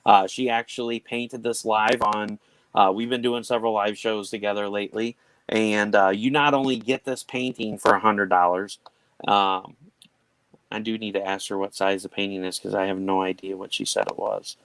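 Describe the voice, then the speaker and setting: A man's voice: fairly low pitch, little pitch movement, normal speed, fairly bright tone, no room sound, rough recording. A man hosting a casual charity art auction stream, joking around and reading item descriptions aloud. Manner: jokey, reads item blurbs aloud. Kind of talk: casual livestream chat.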